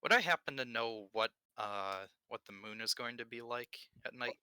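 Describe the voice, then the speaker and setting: A man's voice: medium pitch, animated, moderate pace, sharp tone, clear, resonant tone, no echo. A man playing a tabletop game, talking casually and wryly about his character's suspicions. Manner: wry, suspicious. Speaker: player.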